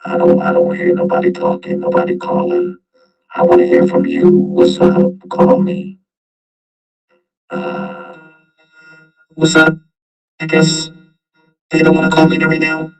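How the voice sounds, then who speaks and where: A gravelly, goading voice, a man putting it on through a voice changer. It sits a little high and talks slowly, repeating itself. Music plays clearly behind. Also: wildly swooping pitch, heavily acted, poor audio. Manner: goading, repetitive.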